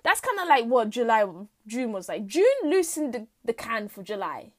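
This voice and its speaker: Young woman, solo podcast host, high lively voice, slangy. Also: normal speed. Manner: animated, slangy storytelling. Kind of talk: solo casual chat.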